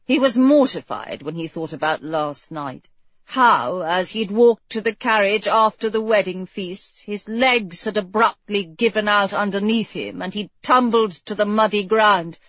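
A woman narrates a story slowly and carefully, letting each sentence land. Her voice is close and dry, with a slightly dull, lo-fi sound. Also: medium pitch, no echo. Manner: slow, measured storytelling. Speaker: audiobook narrator. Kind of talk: scripted narration. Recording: dull, lo-fi recording.

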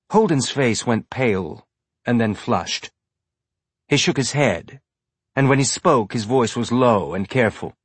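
Male audiobook narrator, unhurried and measured, husky tone, dry studio sound. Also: medium pitch, expressive, no echo. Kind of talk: scripted narration.

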